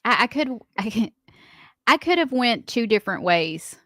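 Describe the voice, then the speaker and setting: A woman's voice: on the high side, very animated, moderate pace, fairly bright tone, no room sound, clean studio sound. A woman with a Southern American accent co-hosting a morning radio show, telling stories in a chatty way and laughing often. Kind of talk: casual radio banter.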